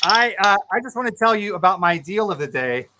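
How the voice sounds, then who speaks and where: A man's voice: high voice, big pitch swings, fairly quick. A man from co-hosting a live stream, a bit out of breath, playfully showing off items from his collection. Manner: chatty, playful show-and-tell of collectibles. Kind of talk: casual live-stream chat. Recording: live stream with faint noise.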